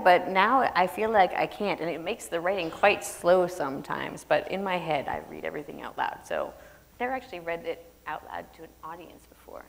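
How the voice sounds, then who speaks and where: A woman's voice: fairly low pitch, vocal fry. A woman author talking energetically onstage, laughing often, then reading her own prose aloud to an audience in an opera house. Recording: long reverb of a large hall.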